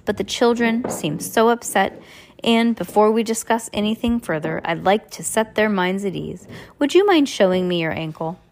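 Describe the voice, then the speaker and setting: A woman reading as a fussy, prim, oblivious gentleman. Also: mid-range voice, lively intonation, normal speed, a little hiss or hum, close to an everyday voice. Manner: prim, fussy, condescending to children. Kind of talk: audiobook character reading.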